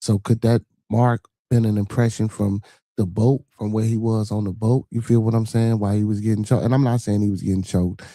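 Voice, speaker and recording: Laid-back deep-voiced male podcast host. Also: steady tone, fairly quick, warm tone, no echo. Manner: loose, rambling, speculative, swears. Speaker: podcast host commenting on a clip. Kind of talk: casual slang-heavy commentary.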